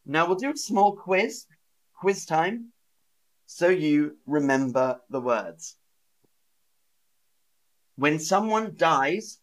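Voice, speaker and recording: A man teaching English on a live stream, repeating words slowly and acting out feelings with sighs and gasps for learners. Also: on the high side, fairly bright tone. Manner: slow, exaggerated, repeats words and sentences for learners.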